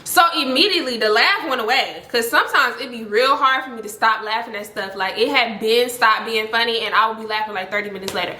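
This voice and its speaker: A young woman telling a story in a casual vlog, animated and full of "like". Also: quick pace, few pauses, roomy sound, slight background noise. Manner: animated, heavy use of "like", voices other people with high pitch jumps. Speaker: storytime vlogger.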